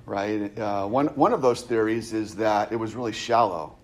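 A man's voice: on the low side, moderate pace. A man preaching a casual, conversational sermon, often checking in with his listeners and restarting phrases. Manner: conversational, frequent "right?" asides and restarts. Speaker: pastor.

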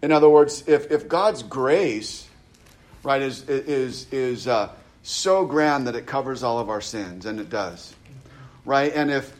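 A man's voice: mid-range voice, animated, slow. A man, a pastor teaching verse by verse through a Bible chapter in a conversational way, often tagging his points with "right?" and restarting phrases.

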